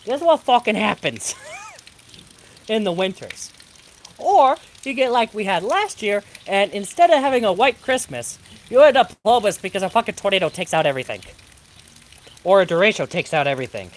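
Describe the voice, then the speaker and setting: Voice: medium pitch, expressive, moderate pace. A storm streamer ranting with heavy profanity during a live stream, from the Pacific Northwest of the US. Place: home during a thunderstorm, rain outside. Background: rain.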